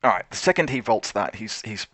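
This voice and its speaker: A man's voice: fairly low pitch, expressive, brisk, a bit bright, dry recording. A man playing a tabletop wargame over a call, thinking aloud through his moves and often correcting himself. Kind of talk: casual game commentary. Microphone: remote call.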